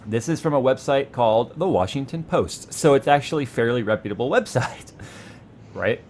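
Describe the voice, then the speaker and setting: A man's voice: medium pitch, animated, normal speed, darkish tone, slight background noise. A man co-hosting a casual tech talk show, joking around and reading an article in a playful, dramatic way. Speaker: co-host. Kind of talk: casual tech podcast chat.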